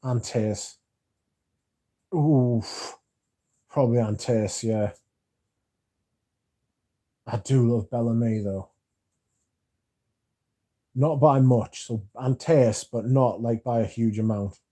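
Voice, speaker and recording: Young British man, casual livestream chatter, very dark mellow tone, rambling with fillers, sleepy. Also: medium pitch, slow pace, long pauses. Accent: British English. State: drowsy, yawning. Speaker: livestream host reading chat.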